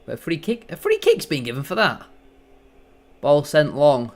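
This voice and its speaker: An excitable man giving gloating, bantering live commentary as a football fan on a match watchalong stream. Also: on the high side, normal speed.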